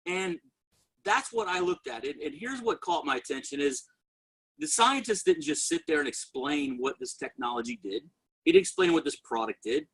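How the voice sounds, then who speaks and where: Energetic male sales presenter, high husky voice, tells his story straight to the crowd. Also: normal speed, low-quality recording. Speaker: network marketing presenter. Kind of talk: motivational sales testimony.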